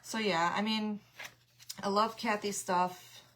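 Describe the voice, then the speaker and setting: A woman's voice: medium pitch, fairly even intonation, slow, fairly bright tone, slight background noise. A woman hosting a casual craft livestream, chatting with viewers, laughing often and reading out their comments.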